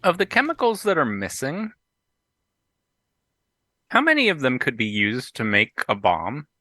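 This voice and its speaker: A man playing a tabletop game, describing his character's moves in a halting, thinking-aloud way. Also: medium pitch, sing-song, bright, forceful tone, no echo. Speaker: player. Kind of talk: tabletop role-play.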